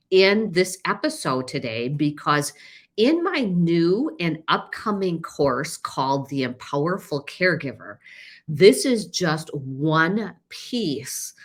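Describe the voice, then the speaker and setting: A middle-aged woman hosting a solo podcast, explaining things earnestly and often restarting or repeating her words. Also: deep voice. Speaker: podcast host and caregiver coach.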